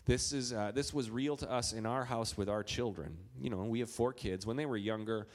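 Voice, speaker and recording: A man's voice: on the low side, brisk. A man in his thirties from Minnesota, a pastor preaching a sermon in a chatty, storytelling way with playful asides.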